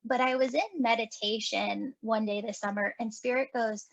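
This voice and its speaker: A woman's voice: a little high, moderate pace, gravelly, dull audio. A woman hosting a podcast, chatting casually and acting out quoted dialogue as she tells a story. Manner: animated, acts out quoted dialogue with laughs. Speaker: podcast host and medium.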